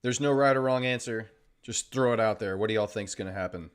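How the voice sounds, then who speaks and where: A man with a lowish, clean-toned voice speaks briskly while hosting a trading livestream. His chat with viewers is casual and full of sarcastic jokes, and he reads their comments aloud.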